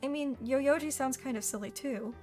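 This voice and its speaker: A woman's voice: high-pitched, moderate pace, mellow, soft background music, close to an everyday voice. A woman voicing a cheerful, chatty schoolgirl with an eager, imaginative way of talking in an audiobook reading. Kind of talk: audiobook character voice.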